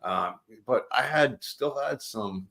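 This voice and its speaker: A man, likely in his forties, chatting casually on a livestream call, jokey and quick to laugh. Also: medium pitch, expressive, a bit bright. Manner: jokey, laughs often, does voices of family. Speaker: guest.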